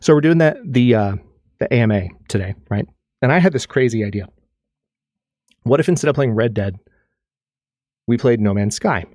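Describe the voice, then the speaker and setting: A man's voice: medium pitch, animated, moderate pace, pauses often, a little mellow, dry recording, studio quality. A man hosting his own live stream, chatting casually and animatedly, rambling with restarts while he plays a game. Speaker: streamer and channel host.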